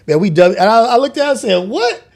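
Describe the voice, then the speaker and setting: A man in his forties hosts a casual morning show from home, with a slightly raised pitch. His talk is loose and joking, full of swearing and quick laughs. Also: creaky, a little mellow. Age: 40s. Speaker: podcast host.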